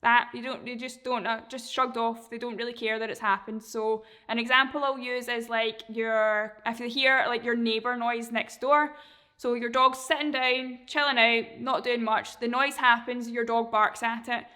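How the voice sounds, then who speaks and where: A woman dog trainer explaining a training method in a relaxed, chatty way, sometimes acting out how a dog reacts. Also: fairly high pitch, normal speed. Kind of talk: casual instruction.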